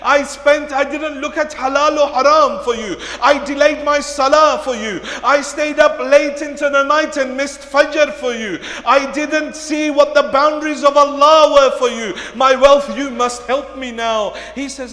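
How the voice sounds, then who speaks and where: High-voiced man preaching in an echoey hall. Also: fairly even intonation, a little slow, few pauses. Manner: dramatic storytelling with rising shouted peaks. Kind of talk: sermon. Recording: echoey hall, long reverb.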